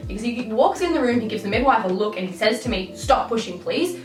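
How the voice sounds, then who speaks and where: A woman's voice: a little high, lively intonation, fast talker, far from the mic. A young woman vlogging a candid, rambling story in an exasperated storytime manner. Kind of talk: storytime vlog. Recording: roomy echo, off-mic, music behind.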